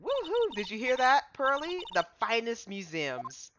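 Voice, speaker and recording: A woman's voice: a little high, wildly swooping pitch, a little slow, voice pushed up. Bubbly hyper sidekick girl, read by a woman streamer, voice jumping all over, muffled w/ hiss. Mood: excited. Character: excitable cheerful young woman sidekick. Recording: muffled lo-fi with clear background noise.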